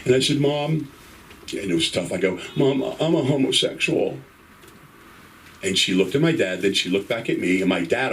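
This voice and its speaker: A man's voice: fairly low pitch, fairly bright tone, far from the mic. A middle-aged man telling a profane stand-up story on a club stage and acting out the other voices in it. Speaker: stand-up comic. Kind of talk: stand-up set. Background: live audience.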